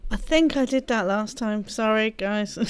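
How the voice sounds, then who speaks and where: A woman's voice: on the high side, measured pace, smooth, dry recording. A woman hosting a let's play, chatting casually and giggling as she plays. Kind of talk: casual gaming commentary.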